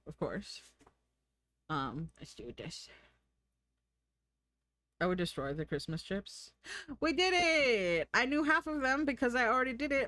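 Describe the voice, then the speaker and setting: A woman's voice: mid-range voice, bright, forceful tone, dry recording. An American woman streaming live, chatting casually, giggling and thinking aloud.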